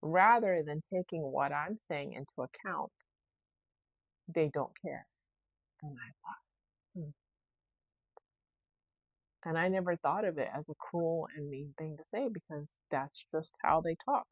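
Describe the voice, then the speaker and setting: A woman's voice: deep voice, animated, a little slow, long pauses, breathy edge, no echo. A woman hosting her own podcast, talking through her week in a rambling, reflective way and often correcting herself mid-sentence. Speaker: podcast host. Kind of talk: casual solo podcast monologue.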